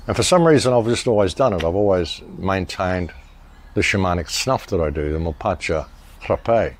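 A man with a fairly low voice delivers a casual monologue to his viewers. He talks in an emphatic, rambling way, restarting sentences and circling back on his points. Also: expressive, normal speed. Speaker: online commentator.

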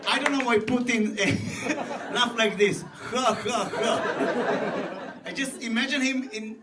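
An Israeli man performing stand-up comedy in animated, broken English, laughing at his own jokes, recorded from a stage before a live audience. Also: extremely high pitch, slow, a loud crowd, very noisy. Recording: distant stage mic, loud audience laughter.

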